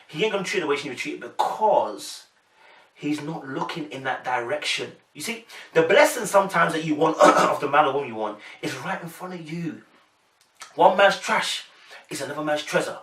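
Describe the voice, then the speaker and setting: Young London man, chatty slangy commentator, bright-toned, slightly raised pitch, room echo, off-mic. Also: recorded from a distance. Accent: London English. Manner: chatty, slangy, addresses viewers directly. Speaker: reaction commentator. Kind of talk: casual to-camera commentary. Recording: echoey room, voice a bit off-mic.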